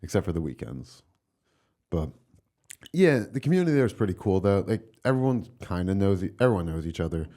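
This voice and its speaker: A young man from Long Island talks with a very low, deep voice. He rambles in a laid-back way as a comedian guest on a podcast, scattering fillers and swear words. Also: very animated, brisk, warm tone. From Long Island, New York. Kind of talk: casual podcast chat.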